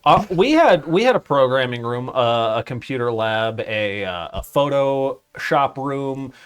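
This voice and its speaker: A man's voice: mid-range voice, measured pace, clean tone. A young man chatting casually on a gaming stream, swearing and laughing as he tells stories. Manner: swearing, laughing, animated storytelling. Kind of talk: casual chat while gaming.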